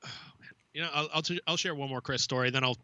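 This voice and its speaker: Bright-voiced man telling a story. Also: mid-range voice, quick pace, clean tone, no room sound. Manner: swears freely, storytelling with quoted asides. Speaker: podcast co-host. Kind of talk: casual podcast chat.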